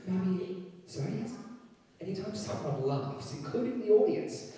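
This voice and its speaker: Man, improv host, high voice, swooping pitch, distant mic, big echoey venue. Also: measured pace. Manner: loud and excitable on stage, then hushed whispering to the audience. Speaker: improv comedy show host. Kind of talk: live improv show hosting. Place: live comedy venue with audience. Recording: echoey hall from far off, with crowd.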